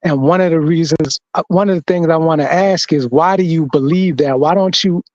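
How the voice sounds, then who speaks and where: A man on a discussion panel asking a thoughtful question, halting and searching for words. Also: fairly high pitch, darkish tone, no room sound. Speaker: panel guest. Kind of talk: casual discussion. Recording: dull lo-fi sound.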